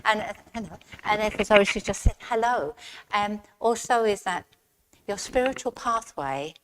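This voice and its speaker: A woman's voice: medium pitch, animated, normal speed. A woman giving a chatty mediumship demonstration in a village hall, speaking straight to one member of the audience. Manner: chatty, speaks straight to the recipient, relays messages. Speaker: spiritualist medium. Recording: loud background noise in a hall.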